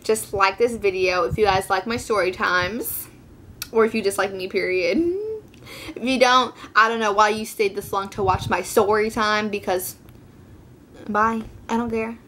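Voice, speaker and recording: A woman's voice: mid-range voice, normal speed, a little hiss or hum. A teenage girl telling a casual storytime to her viewers, rambling and full of fillers, acting out what people said. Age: teens. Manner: quotes people in lively voices. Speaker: vlogger.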